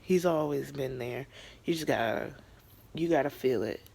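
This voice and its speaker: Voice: medium pitch, moderate pace, creaky, a little mellow, slightly rough. A young adult recapping a TV episode in a casual vlog, talking in a chatty, emotional way with lots of fillers and some whispered asides. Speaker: TV show reviewer.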